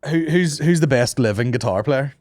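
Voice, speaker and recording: A man's voice: mid-range voice, animated, normal speed, darkish tone, dry recording, studio quality. A man hosting a comedy podcast, telling stories in casual, sweary banter and slipping into mock voices. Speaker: podcast host.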